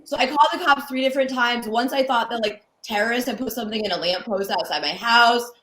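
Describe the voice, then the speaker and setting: A woman's voice: on the high side, fast, fairly bright tone, reverberant, a little hiss or hum, low-quality recording. A young adult woman from Connecticut, a guest comedian, telling candid stories with lots of "like" and acted-out quotes. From Connecticut, USA. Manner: chatty, peppered with "like", acts out quoted lines. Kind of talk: candid storytelling interview.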